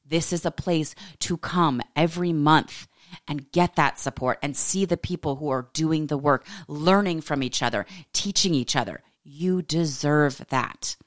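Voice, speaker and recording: A woman in her forties hosting a podcast in casual chat, candid and animated, swinging up into high excited exclamations. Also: a little slow, no echo, clean studio sound. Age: 40s. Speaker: podcast host. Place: home office.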